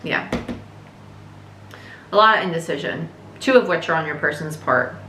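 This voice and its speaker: A woman's voice: deep voice, normal speed, bright, forceful tone, reverberant, slight background noise. A woman giving a casual, chatty tarot reading, speaking candidly and swearing now and then. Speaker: tarot reader.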